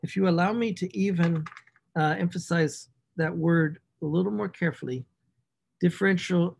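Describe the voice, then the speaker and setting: Man lecturing on math, fairly high, gravelly and husky voice. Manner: talks to himself while writing equations, animated emphasis. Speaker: math instructor. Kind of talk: recorded class lecture.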